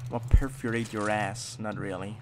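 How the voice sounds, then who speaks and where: A young man commentating his own gameplay, wired on energy drinks, swearing and swinging between loud outbursts and low mutters. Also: fairly even intonation, brisk, gravelly, background noise. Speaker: gaming channel host.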